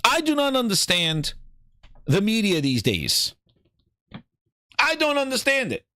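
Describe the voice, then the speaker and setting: A man's voice: sits high, wildly swooping pitch, a little slow, bright, forceful tone, no room sound. A man hosting a gaming channel, delivering a heated, profanity-laced solo rant.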